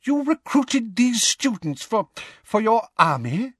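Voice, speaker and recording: A man voicing a blustering, excitable older male minister with a shrill, barking manner. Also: takes it slowly, slightly rough, dry recording, clean studio sound, heavily acted. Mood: outraged.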